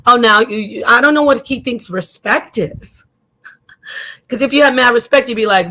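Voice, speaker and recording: A woman's voice: on the high side, moderate pace. Indignant woman commentary host. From Arizona, US. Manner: animated, indignant, drops into mocking voices. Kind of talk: opinionated commentary.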